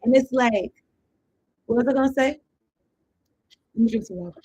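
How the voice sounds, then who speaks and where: A woman's voice: fairly high pitch, normal speed, dark tone, slightly rough, rough recording. A woman giving a casual tarot reading. She rambles and thinks aloud in loose slang, with some swearing. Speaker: tarot card reader.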